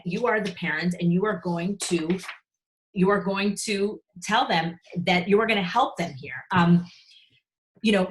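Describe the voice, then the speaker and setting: Frank, lowish-voiced woman giving parenting advice. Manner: frank, conversational, acts out parent and child lines. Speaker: parenting speaker. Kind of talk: online talk giving advice.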